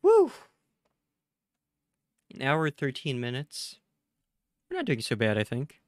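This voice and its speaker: Streaming a horror game after barely sleeping, a weary man talks with his viewers and jumps into loud excitement whenever something scares him. He speaks at medium pitch and a moderate pace, with no room sound.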